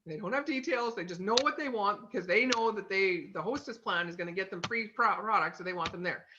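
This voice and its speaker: A woman's voice: mid-range voice, brisk, background noise. Woman, casual instructional talk, chatty with lots of fillers, home office, slightly dull lo-fi recording. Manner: chatty, lots of fillers, keeps checking in with "okay?". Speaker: sales consultant teaching personality types.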